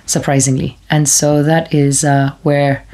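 A woman's voice: sits low, level tone, measured pace, mellow. A woman from Kenya with an East African accent, co-hosting a radio talk show in playful, teasing chat. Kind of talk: casual chat.

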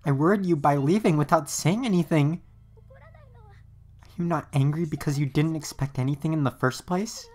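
A woman's voice: low-pitched, moderate pace, mellow. A fragile, hurt young half-elf girl. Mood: hurt pleading. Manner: hurt, pleading questions. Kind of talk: anime dub dialogue.

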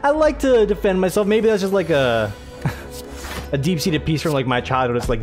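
A man's voice: on the high side, lively intonation, moderate pace, faint music behind. Rambling young American gamer guy. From United States. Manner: rambling, chatty, laughs often, jumps between game and his day. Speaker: gaming channel host. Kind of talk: casual let's-play chat.

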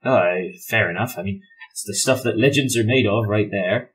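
A man's voice: on the low side, moderate pace, a bit bright, natural voice. A man voicing a kind, reasonable male traveller who rambles politely in a tabletop role-play. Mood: friendly. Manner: rambling and polite, with many fillers.

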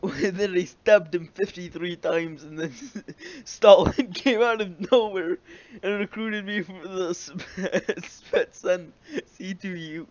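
A young man casually reading a note aloud, giggling and breaking into laughter often. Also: fairly high pitch. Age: young adult. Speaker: vlogger. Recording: dull lo-fi dry recording.

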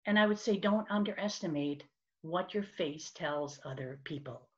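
A woman giving a conversational workshop talk over a video call, expressive and acting out little examples as she goes. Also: lowish voice, moderate pace. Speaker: speaker on virtual presence. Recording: dull lo-fi video call audio.

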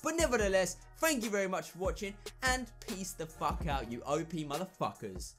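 A young man telling a story to his viewers in a casual, animated vlog, swearing often and calling them guys. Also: high-pitched, normal speed, music in the background. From England. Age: young adult. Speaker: YouTuber.

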